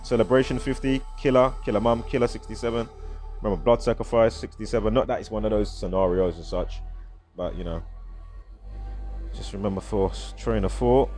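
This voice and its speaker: A British-accented male vlogger rambles through casual commentary, reeling off strings of numbers. His voice is lowish, a little mellow and brisk, with fairly even intonation and faint music behind him.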